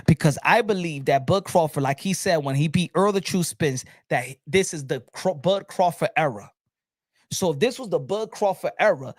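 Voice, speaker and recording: A man giving opinionated boxing commentary. He talks in heated, profane bursts, repeats words, and rises to shouting. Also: fairly high pitch, no room sound, clean studio sound.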